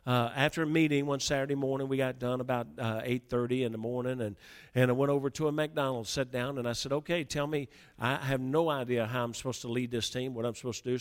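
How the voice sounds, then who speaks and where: A middle-aged man preaching, telling a personal story in a sermon, with many restarts and stammers as he builds from a quiet start to fervent emphasis. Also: medium pitch.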